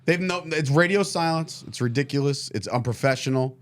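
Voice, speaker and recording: A man's voice: mid-range voice, fairly quick, a little hiss or hum. A man co-hosting a podcast, ranting with a sarcastic edge in casual talk. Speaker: podcast co-host.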